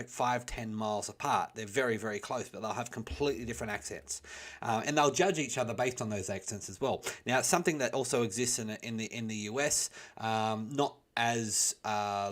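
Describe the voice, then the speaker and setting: Man, general Australian accent, casual host, rambling, filler-heavy, mouth barely open. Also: mid-range voice. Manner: rambling, relaxed, lots of fillers; talks without opening his mouth much. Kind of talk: casual chat.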